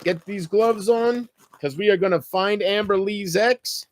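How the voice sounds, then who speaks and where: A man vlogging a bitter, taunting rant straight to camera, swinging from loud outbursts to low mutters. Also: a little slow. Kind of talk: ranting monologue to camera.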